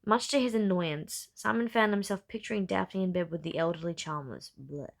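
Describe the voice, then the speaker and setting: Woman narrator, hobby audiobook reading; gravelly fry, mid-pitched, steady and unpolished with small self-corrections. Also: brisk.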